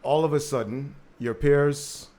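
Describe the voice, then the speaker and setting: A man's voice: on the high side, steady tone, measured pace, warm tone. A man from Jamaica speaking as a panelist in a panel discussion, telling a story with energy and repeating words while he searches for them.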